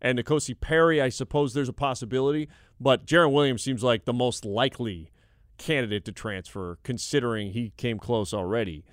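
A young man with a smooth, resonant voice hosts a sports talk show, reading out listener texts and riffing on them in a relaxed, chatty way. His voice is close and dry, with no room sound. His pitch sits in an ordinary middle range. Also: fairly quick, no echo. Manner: conversational, reads texts aloud then reacts. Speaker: sports radio host.

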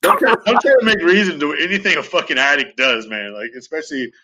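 Fast, bright-voiced man telling his story. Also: on the high side, rough recording. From Southern California. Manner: fast, profane, animated retelling with acted quotes. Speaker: guest sharing recovery story. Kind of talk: candid conversational storytelling.

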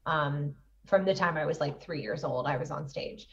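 A woman's voice: sits low, moderate pace, recorded from a distance, muffled recording. A woman in her thirties, an actress and producer, chatting animatedly as an interview guest and laughing often. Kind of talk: casual interview chat.

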